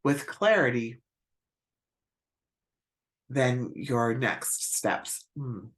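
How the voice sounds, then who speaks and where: Woman coaching with gentle rhetorical questions. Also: rumbling low, drawn-out words. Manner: encouraging, searching for words, asks many rhetorical questions; often adds a soft "right?" after points. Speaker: spiritual business coach. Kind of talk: live-stream coaching talk.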